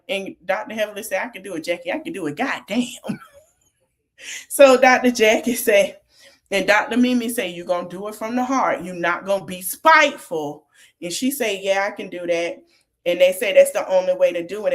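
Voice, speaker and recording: Chatty woman podcaster recapping reality TV. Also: fairly low pitch. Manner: chatty, Southern-tinged slang, laughs often. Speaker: podcast host.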